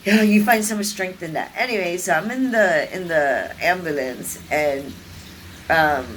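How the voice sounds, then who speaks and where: A woman's voice: fairly low pitch, moderate pace, a little hiss or hum, poor audio. A woman vlogger telling a personal story in a casual, rambling way, full of fillers and restarts and acting out what people said. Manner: lively, acts out quoted people.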